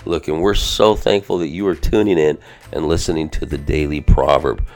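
Very deep gravelly-voiced male pastor host. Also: moderate pace. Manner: energetic, informal, peppered with "man" and "bro". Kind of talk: casual devotional podcast chat.

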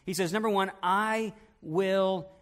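A male pastor with a high-pitched voice delivers a sermon to his congregation. He talks to them directly with questions. His delivery rises to loud emphatic peaks, then sinks to a hushed, intimate near-whisper. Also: steady tone, slow pace.

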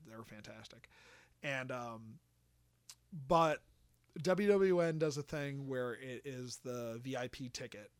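A man casually telling a story on a podcast, animated and swearing, acting out quotes. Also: mid-range voice, no room sound.

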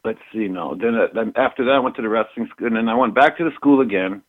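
A middle-aged former pro wrestler from Minnesota, telling rambling stories in an interview, repeating himself and laughing often. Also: male voice, medium pitch, fast. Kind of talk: casual storytelling interview. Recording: tinny phone line.

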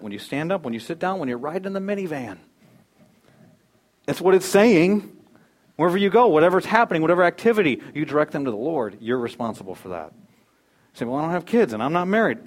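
A male pastor delivering a sermon in a slightly high voice. He reads scripture aloud and presses each point hard, swinging between quiet, lowered asides and loud, driving exhortation. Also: expressive, quick pace. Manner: emphatic, rising to loud exhortation.

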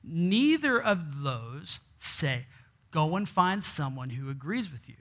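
A man preaching a sermon in a somewhat high voice, reading scripture aloud. He keeps posing rhetorical questions to the congregation and answering them himself, restarting his sentences often. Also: big pitch swings, slow, a bit bright. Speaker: pastor.

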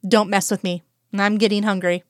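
A woman's voice: medium pitch, little pitch movement, moderate pace, no echo, natural voice. A woman reading the lines of a dry-witted, anxious woman agent, with tart remarks and whispered pleading in her inner thoughts. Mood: wry.

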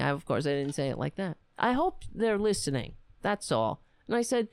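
A woman's voice: fairly low pitch, sing-song, moderate pace, clear, resonant tone, no room sound. A woman hosting a podcast, talking in a blunt, profane, rambling way in casual commentary. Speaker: podcast host. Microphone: webcam setup.

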